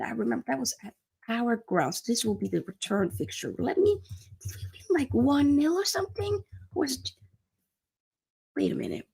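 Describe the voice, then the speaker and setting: A young woman hosts a casual football live stream. She talks in an animated, chatty way and greets her viewers by name. Her voice sits a little high and carries a gravelly fry.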